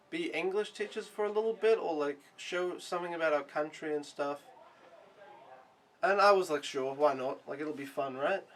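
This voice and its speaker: A young man who works as an au pair recaps his week in a casual vlog, speaking at a fairly high pitch with slight background noise. He rambles and sounds frustrated, swearing often and filling gaps with "like".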